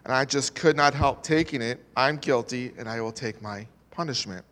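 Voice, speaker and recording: A man voicing a poor, hungry little boy who speaks low and soft in fear. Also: moderate pace, natural voice. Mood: fearful. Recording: long hall reverb.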